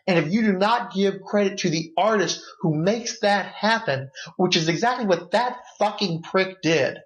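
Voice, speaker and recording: A man's voice: high voice, lively intonation, normal speed. A man co-hosting a podcast, ranting profanely in casual film discussion. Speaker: podcast co-host. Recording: dull lo-fi mixer recording.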